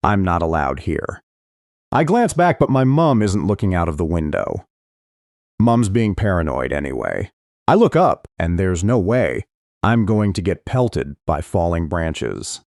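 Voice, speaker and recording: A man reading a first-person thriller audiobook in a very deep voice that rises and falls with lively expression. The recording is close and dry, with no room sound. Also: measured pace, no echo. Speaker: audiobook narrator.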